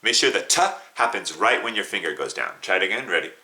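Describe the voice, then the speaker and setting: A man's voice: low voice, animated, quick pace, bright, forceful tone, soft background music. A man teaching a beginner flute lesson, patiently coaching students, counting them in and singing note names and tonguing syllables.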